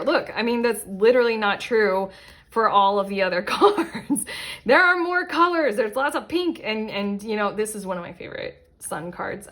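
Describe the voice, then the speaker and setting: Her voice is mid-range and creaky as she leads a laid-back pick-a-card tarot reading for viewers. She wanders off on asides, leans on fillers, and breaks off mid-thought to fix her own words.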